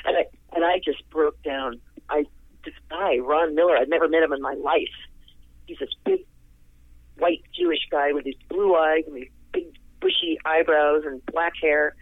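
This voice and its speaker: A fairly high-voiced man telling a rambling story over the phone. His voice is thin and tinny, like a phone line, and it sounds dry and close. He talks in an animated way, jumping in pitch when he acts out his own reactions. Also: normal speed, husky, no echo. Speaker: interview guest, singer. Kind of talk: casual storytelling.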